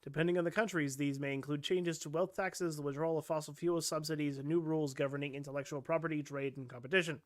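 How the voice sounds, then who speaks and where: A man's voice: fairly high pitch, steady tone, quick pace, few pauses, dry recording, clean studio sound. A man cohosting a podcast, reading out news steadily and chatting casually.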